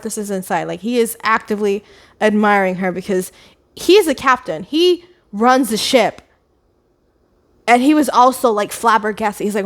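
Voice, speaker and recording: A woman's voice: medium pitch, a little fast. A woman retelling a novel's plot in a casual, chatty ramble, with sarcastic asides. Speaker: book vlogger.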